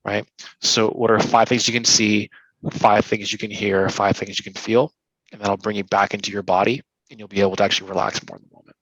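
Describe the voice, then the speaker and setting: Man, speaker and coach, bright forceful voice, dry close sound, energetic talker who acts out quick scenes. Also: on the low side, no room sound, highs cut off. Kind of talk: interview answers, coaching advice.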